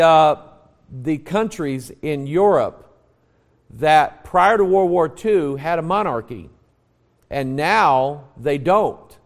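American pastor teaching, echoing hall. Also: male voice, on the high side. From United States. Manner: folksy, storytelling, frequent restarts. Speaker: pastor teaching a Bible class. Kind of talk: conversational Bible teaching, quizzing the class. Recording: long reverb of a large room.

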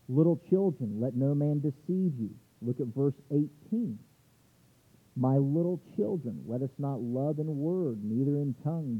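A man's voice: medium pitch, breathy edge. A male pastor preaching a sermon, reading scripture verses aloud and stumbling over restarts as he explains. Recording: tinny phone-like sound.

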